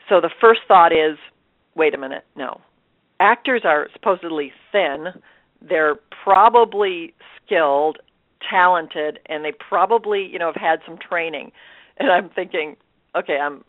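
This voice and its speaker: A woman's voice: on the low side, no echo. A woman actor telling her personal story as an interview guest, acting out her own thoughts and laughing often. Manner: expressive, laughs often, acts out quoted thoughts. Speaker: guest, stage and screen actor. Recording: tinny dry phone line.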